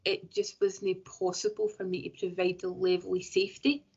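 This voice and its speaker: A woman's voice: fairly low pitch, little pitch movement, normal speed, a little mellow, slightly rough. A woman tarot reader talking thoughtfully in a casual interview, often circling back with "you know". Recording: dull lo-fi audio.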